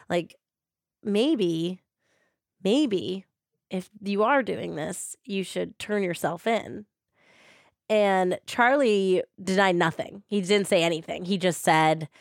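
A woman hosting a podcast, casually retelling a true-crime story and paraphrasing quotes in quick animated bursts. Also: on the low side, no room sound, clean studio sound. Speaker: podcast host.

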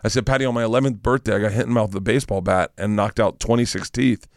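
A middle-aged man, a comedian guest, telling stories in an animated, profane way and acting out the voices, wired on too much coffee. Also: lowish voice, rapid-fire, no room sound, clean studio sound. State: over-caffeinated, rattling on. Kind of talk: casual storytelling chat.

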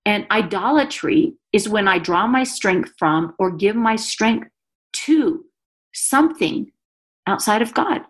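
A woman speaks as a guest on a faith-focused show, her voice sitting in an ordinary middle range. She talks in quick, animated bursts and slips teasing humor in between her earnest points. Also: medium pitch. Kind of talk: faith-based conversation.

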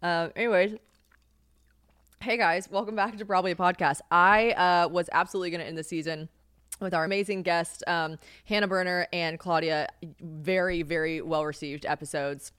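A young woman hosting a podcast alone, with a light Southern American accent, chatty and animated, full of "like" and casual swearing. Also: lowish voice, normal speed, clean tone, no echo, studio quality. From Southern United States. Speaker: podcast host. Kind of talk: casual solo podcast chat.

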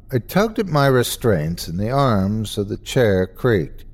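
A male host narrating a horror story in a measured voice that builds suspense. He speaks slowly and lets his pitch rise and fall widely. His reading is dramatic throughout. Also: big pitch swings, darkish tone.

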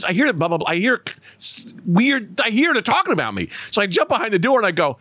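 A male stand-up comedian hosting a podcast, telling a story in a casual comedic way, laughing often and acting out shouted quotes. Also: sits high, wildly swooping pitch, brisk, dry recording.

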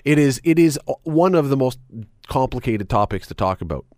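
A man's voice: mid-range voice, expressive, moderate pace, darkish tone, dry recording, clean studio sound. A man hosting a radio talk show, chatting wryly and reading items aloud with sarcastic asides. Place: radio studio. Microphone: studio microphone.

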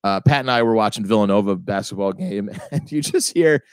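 Podcast co-host, man, rambly storyteller, lively swings, dry sound. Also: lowish voice, fairly quick, clean tone, dry recording. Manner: rambling storyteller, laughs often, puts on loud voices for quotes. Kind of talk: casual comedic chat.

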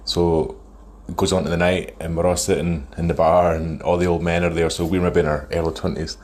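A man in his thirties sends a phone voice note, telling a long, meandering story and chuckling along the way. His low, darkish voice stays fairly level in pitch and moves briskly in this casual storytelling.

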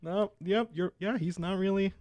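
A man's voice: high voice, steady tone, moderate pace, a little mellow. A man co-hosting a podcast, setting up clips in a playful, teasing way. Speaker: podcast co-host, producer. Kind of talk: casual podcast chat.

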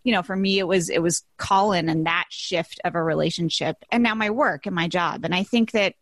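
A woman's voice: on the low side, brisk, dry recording. Effusive woman in her thirties, chatty coach, dry close sound. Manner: effusive, chatty, many fillers like "like" and "you know". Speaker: podcast guest, business and life coach. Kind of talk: casual conversational interview.

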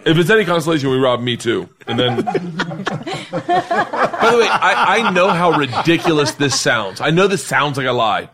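A middle-aged comedian telling a rowdy, profane story in a casual podcast chat, laughing and acting out the other people's lines. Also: male voice, fairly high pitch, moderate pace, a crowd in the background. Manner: animated, swearing, laughing storyteller acting out quotes. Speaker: comedian guest.

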